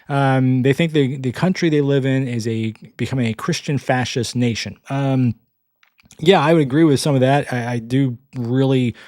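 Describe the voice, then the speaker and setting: A Southern American man hosts a podcast and works through listener questions in a loose, wandering way, chuckling often and tossing in self-deprecating asides. His voice is mid-range and slightly mellow, captured with clean studio sound and no room echo.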